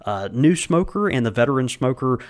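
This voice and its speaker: A man hosting a casual podcast, speaking in a halting way with frequent fillers, restarts and easy laughter. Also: medium pitch, lively intonation. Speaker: podcast host. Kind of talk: casual podcast chat and sponsor read.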